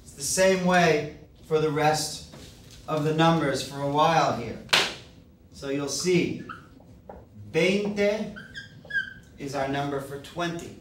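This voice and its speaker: A Spanish teacher gives a classroom-style lesson slowly and carefully, spelling words out and stressing every syllable in his fairly high-pitched voice. The mic is far off in an echoey room, with slight background noise.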